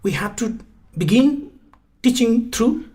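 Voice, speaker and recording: A man's voice: extremely high pitch, animated, slow pace, dark tone. A man from Nepal with a Nepali accent, a guest English test teacher explaining emphatically, repeating his points and spelling words out letter by letter. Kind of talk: explanatory interview talk.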